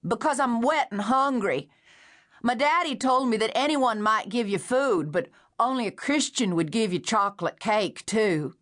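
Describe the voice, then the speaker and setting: A woman's voice: a little high, lively intonation, normal speed, a bit bright, pitched above the performer's own voice. A woman narrator voicing a wet, hungry grown man with a childlike, plaintive manner and a Missouri backwoods drawl, in an audiobook. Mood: pleading. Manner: drawling, simple, pleading. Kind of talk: audiobook character voice.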